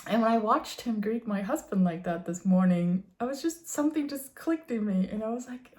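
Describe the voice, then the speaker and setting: A woman in her thirties or forties muses in a gentle, earnest tone, pitched somewhat high. She drifts through fillers and soft laughs as she reflects. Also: expressive, normal speed, hardly any pauses. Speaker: vlogger. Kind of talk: reflective spiritual musing.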